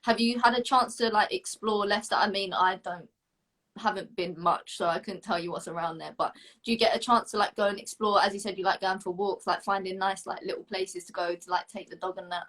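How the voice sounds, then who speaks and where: A young woman from the south of England hosts a casual interview. She talks with bubbly enthusiasm and fills her sentences with "like". Her voice sits at a medium pitch for a woman. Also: steady tone, a little fast, a bit bright. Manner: chatty, enthusiastic, lots of "like". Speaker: host.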